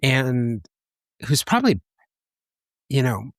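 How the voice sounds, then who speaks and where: A man's voice: mid-range voice, very animated, slow, no room sound, clean studio sound. A man hosting a podcast interview, thoughtful and given to explaining ideas at length. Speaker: podcast host. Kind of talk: reflective interview talk.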